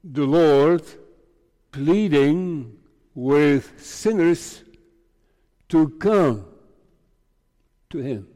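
A man preaching a sermon to his congregation, speaking slowly in short, measured phrases. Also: a little high, warm tone. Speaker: pastor. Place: church. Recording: reverberant church hall.

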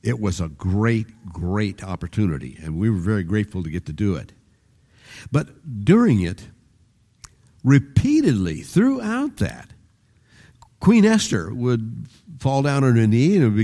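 Older pastor with a mellow, dark voice. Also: male voice, mid-range voice, big pitch swings, unhurried. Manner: rambling, conversational, with restarts and varied emphasis. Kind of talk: sermon.

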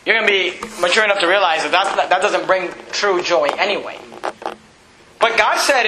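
A man preaching a sermon as pastor, with animated, emphatic repetition. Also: high-pitched, fairly quick, echoey room, slight background noise, poor audio.

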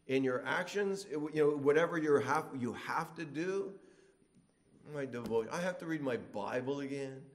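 A middle-aged man preaching a sermon, animated, acting out complainers in whiny voices. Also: fairly high pitch.

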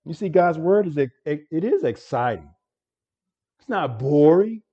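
A man's voice: on the high side, very animated, a little slow, warm tone, breathy edge, lo-fi sound. A man preaching an expository sermon as pastor, earnest and stumbling over repeated words as he explains a passage.

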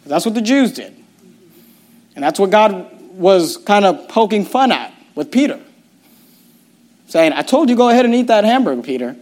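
A man with a high, light voice preaches a sermon in a church. He talks emphatically, mocks with wry asides and often stumbles and repeats words as he presses his point. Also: sing-song, moderate pace, pauses often, darkish tone. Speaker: pastor.

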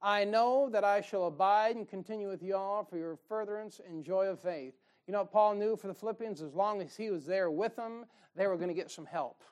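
A man delivers a sermon. He talks in a folksy, joking way and often rises into loud, fired-up bursts of preaching. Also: high voice, a little fast, hardly any pauses.

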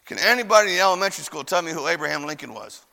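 A man preaching a chapel sermon as a storyteller, dropping to hushed asides and rising to shouts. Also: a little high, animated, racing, gravelly. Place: church chapel. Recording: long church hall reverb.

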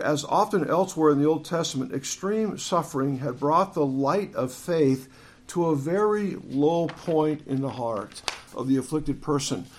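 Guy giving a sermon, kinda high voice, earnest, reads verses out, stumbles and restarts a lot. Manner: earnest, reads scripture aloud, frequent restarts. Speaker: preacher. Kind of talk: expository sermon.

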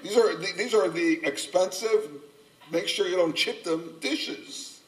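An older man preaching a sermon, earnest and gently humorous, a self-described subdued speaker. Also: sits high, moderate pace. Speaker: pastor. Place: church sanctuary. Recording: voice from a distance off the mic.

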